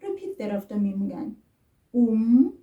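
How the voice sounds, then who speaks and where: Slow woman teaching children. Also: mid-range voice, expressive, recorded from a distance, phone-quality sound. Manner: slow, careful, repeats words for the child to echo. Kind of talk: children's language lesson.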